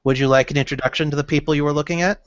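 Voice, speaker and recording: A man's voice: on the high side, fairly even intonation, racing, dry recording, close to an everyday voice. A man voicing a friendly, composed woman in a tabletop game, in his own plain voice with no attempt at a female voice. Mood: polite. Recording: dull lo-fi recording.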